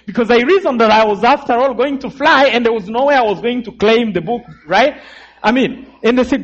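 A man giving a sermon testimony, telling his story dramatically and calling for amens, his voice dropping low and rising again. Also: brisk. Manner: dramatic storyteller, calls for amens, swings between loud and hushed. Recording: muffled lo-fi recording.

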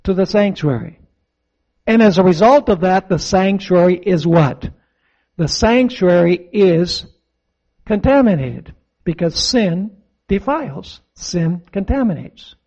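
A man with a high voice delivers a sermon as pastor. He speaks emphatically, posing questions to his listeners and answering them himself. The recording sounds dull and lo-fi. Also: animated, takes it slowly, darkish tone. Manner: emphatic preaching with call-and-response questions.

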